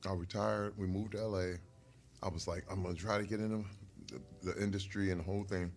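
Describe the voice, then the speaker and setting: A middle-aged man, a retired football player and guest, telling stories over a meal in an animated way, laughing often. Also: deep voice, fast talker, a little hiss or hum. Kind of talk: casual storytelling over a meal.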